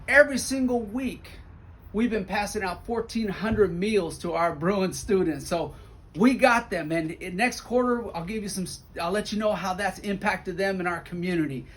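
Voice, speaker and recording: A school principal tells stories to donors in an animated, personal way. His voice sits fairly high for a man, and he acts out what others said. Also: moderate pace. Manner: warm, animated storyteller who acts out quotes. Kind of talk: storytelling update video to donors.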